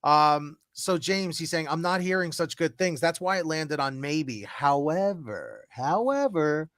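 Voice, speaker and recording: A fairly high-voiced young man chats loosely on a live tarot stream. He tells stories with a lot of animation and jumps between loud and quiet. The sound is close and dry. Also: normal speed, clear, resonant tone, no echo. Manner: animated storyteller, loud swings in pitch and volume. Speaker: tarot reader, stream host. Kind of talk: casual livestream chat.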